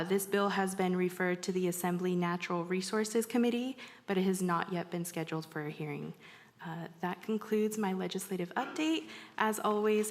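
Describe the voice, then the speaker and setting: A woman from a legislator's district office reading a polite, formal update to a city council. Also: lowish voice. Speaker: legislative staff giving an update. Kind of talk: reading a prepared report. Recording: reverberant council chamber.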